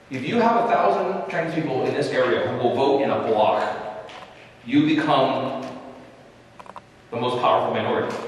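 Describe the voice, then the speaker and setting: A man speaks emphatically to a gathered audience, acting out exchanges with officials to press his point. His voice sits fairly high. The sound comes from a distance in a large, echoing hall. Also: a bit bright. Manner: emphatic, persuasive, acts out dialogue with officials. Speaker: community organizer speaking to an audience. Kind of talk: public talk. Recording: echoey hall, far from mic.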